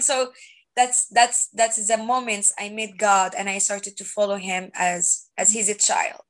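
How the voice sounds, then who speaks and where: A young woman from Egypt, sharing her faith testimony earnestly in halting, filler-filled English. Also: mid-range voice, little pitch movement, a bit bright, poor audio. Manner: earnest, halting non-native phrasing with many fillers.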